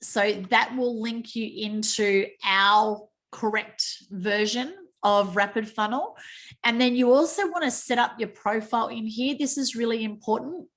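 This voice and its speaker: An Australian woman hosting a team training call, chatty and quick to joke at her own typing slips. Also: fairly high pitch, fairly bright tone. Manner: chatty, self-mocking, exclaims over slips. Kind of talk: screen-share training call. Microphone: video call.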